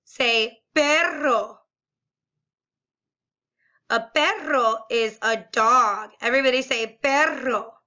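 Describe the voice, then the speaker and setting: A high, bright-toned woman leads a video lesson at an unhurried pace. She models each word slowly with a sing-song lift and cheers the class on with frequent praise. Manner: slow, exaggerated, sing-song modeling of words; encouraging, praises often. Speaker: Spanish teacher. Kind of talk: video lesson, call-and-repeat drills.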